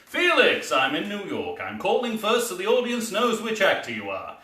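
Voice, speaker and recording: A fretful, complaining spy, as a man puts him on, pitched high and bright. He sounds roomy and a little distant, as from a theatre stage. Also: wildly swooping pitch, moderate pace, heavily acted. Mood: whiny. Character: fretful American male CIA agent.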